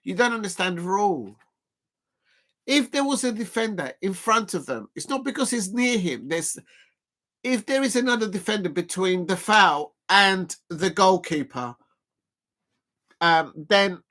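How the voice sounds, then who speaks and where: Excitable man, bright voice. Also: sits high, unhurried. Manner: chatty and excitable, breaks into shouting at big moments; exercising between remarks, counting out reps. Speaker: livestream watch-along host. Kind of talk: casual live football watch-along commentary.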